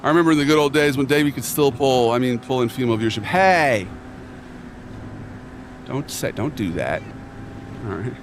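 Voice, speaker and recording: A man's voice: mid-range voice, animated, moderate pace, pauses often, noisy background. A man streaming a game, chatting casually in a rambling, joking bro manner with mock earnestness. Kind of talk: casual chat while playing a game.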